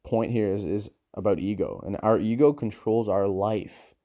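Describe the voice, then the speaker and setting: A man's voice: fairly low pitch, moderate pace, no room sound, narrow, tinny audio. A man talking casually and emphatically, rambling and repeating words as he explains his views. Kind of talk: casual monologue on psychology.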